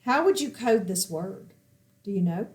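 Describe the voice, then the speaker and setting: A woman's voice: mid-range voice, animated, moderate pace, darkish tone. A woman teaching a phonics lesson at a whiteboard, patiently asking questions and answering them herself. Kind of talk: recorded classroom lesson at a whiteboard.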